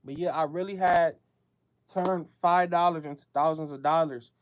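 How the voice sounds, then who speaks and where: A man's voice: on the high side, fairly even intonation, moderate pace. A man hosting his own show, speaking in a casual monologue straight to his listeners. His talk is loose and slangy and keeps circling back on itself. He is from the United States. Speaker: show host.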